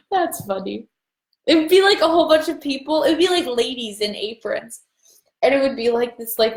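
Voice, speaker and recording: Upbeat woman coach, fairly high voice, loose rambling pep talk, roomy echo. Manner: chatty, upbeat, rambling, with casual swearing. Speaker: voice class facilitator. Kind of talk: casual motivational talk to an online audience.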